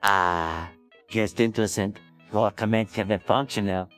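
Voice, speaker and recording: Low, grand AI cartoon narrator. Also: fairly even intonation, unhurried, fairly bright tone, faint music behind.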